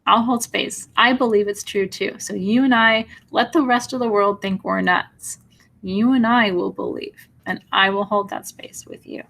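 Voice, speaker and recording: A woman hosts a spiritual live stream in a mid-pitched voice, speaking tenderly and reassuringly to her viewers. She calls them out by name and talks with open, heartfelt emotion. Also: fairly even intonation, moderate pace, vocal fry, a bit bright. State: teary at moments. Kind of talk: live-stream chat reading viewer comments.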